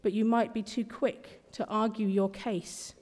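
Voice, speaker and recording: A woman voicing Jesus as a calm man who speaks in a slow, steady, reassuring way. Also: medium pitch, lightly acted. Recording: long hall reverb.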